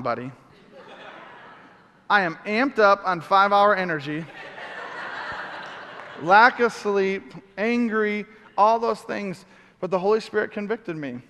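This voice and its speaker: A middle-aged man preaching, telling a story with lively acted-out outbursts. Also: high voice, unhurried, pauses often, big-room sound. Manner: animated storyteller, acts out shouts. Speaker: pastor. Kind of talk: sermon storytelling.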